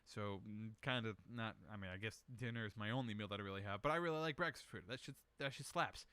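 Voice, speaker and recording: Young male host, bright voice, dry close sound, casual rambling Q&A, swears freely, jokes at his own expense. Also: on the low side, fast, clear, resonant tone, no echo. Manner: rambling, profane, self-mocking. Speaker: podcast host answering questions. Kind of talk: casual solo chat.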